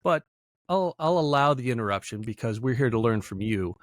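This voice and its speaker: A man's voice: medium pitch, expressive, brisk, dry recording. Easygoing male podcast host, dry mic. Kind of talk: casual podcast interview.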